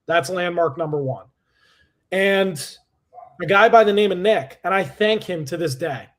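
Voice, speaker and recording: A man's voice: sits high, a little slow, a bit bright. A man giving a motivational speech, emphatic and repeating his key phrases.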